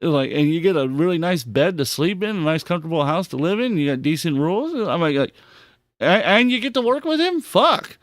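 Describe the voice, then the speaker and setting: A man hosting a podcast, reacting to clips in an excitable, heavily profane rant. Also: on the high side, a little fast, dry recording, clean studio sound. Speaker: podcast host. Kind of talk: casual commentary on clips.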